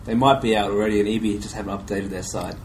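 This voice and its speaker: A man's voice: lowish voice, fairly even intonation, fast, slight background noise, poor audio. A man co-hosting a podcast in casual chat, easygoing and rambling. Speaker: podcast co-host.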